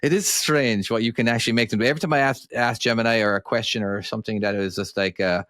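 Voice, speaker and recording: A man's voice: medium pitch, fairly even intonation, quick pace, a bit bright, no room sound. Guy rambling on a podcast, restarts a lot, dry close sound. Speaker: podcast co-host. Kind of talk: casual chat.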